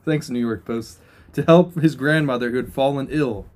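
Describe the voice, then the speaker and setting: A man's voice: mid-range voice, moderate pace, darkish tone. A young man co-hosting a casual podcast, laughing a lot and reading odd news headlines aloud. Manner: laughing, playful, reads news items aloud. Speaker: podcast co-host.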